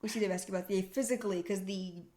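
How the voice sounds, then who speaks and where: A woman's voice: medium pitch, fairly even intonation, quick pace, dark tone. A young woman co-hosting a podcast, recapping an episode in casual chat, laughing often. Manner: chatty, laughs often, acts out character lines. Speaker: podcast co-host.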